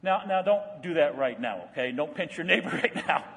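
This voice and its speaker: A man preaching a sermon as a pastor, telling folksy stories and then dropping low and quiet for his earnest points. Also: animated, fairly quick, gravelly. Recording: long hall reverb.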